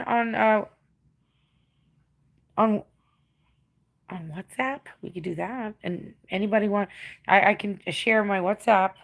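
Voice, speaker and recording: A woman's voice: mid-range voice, creaky, fairly bright tone. Blunt, profane English woman livestreaming. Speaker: livestreamer answering chat. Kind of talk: casual livestream chat.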